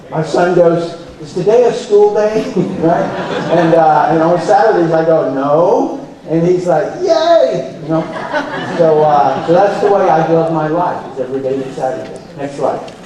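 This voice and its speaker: Man speaking in a booming, echoey hall. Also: a little hiss or hum. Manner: animated storyteller who acts out quoted dialogue. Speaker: conference speaker. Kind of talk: live motivational talk. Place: large conference hall. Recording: very echoey hall, heard from far off. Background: audience laughter.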